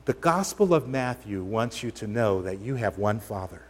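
A man's voice: lowish voice, expressive, normal speed. Emphatic preacher man in a reverberant hall. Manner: conversational, emphatic, asks the congregation questions. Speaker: pastor. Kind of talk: sermon. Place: church sanctuary.

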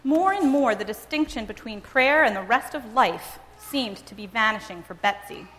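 A woman's voice: fairly high pitch, expressive, a bit bright. Woman reading aloud in a reverberant hall. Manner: measured, dramatic storytelling. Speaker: reader and speaker. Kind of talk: expressive first-person book reading. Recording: long reverb, as in a large hall.

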